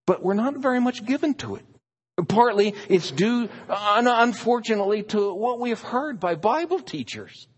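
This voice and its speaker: A man's voice: high voice, lively intonation, normal speed, long reverb tail. A man preaching a sermon, emphatic and stressing single words.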